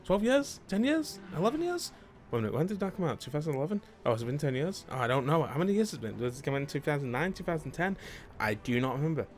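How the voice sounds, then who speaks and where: A man's voice: fairly high pitch, big pitch swings, fast talker, faint music behind. A young man chatting casually about his favourite video games, rambling, correcting himself and swearing now and then. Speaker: video game streamer.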